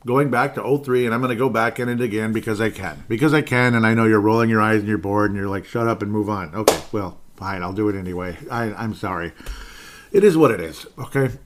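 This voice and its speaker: A man hosting a solo sports podcast, rambling and excitable, often repeating himself. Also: fairly low pitch, a little fast.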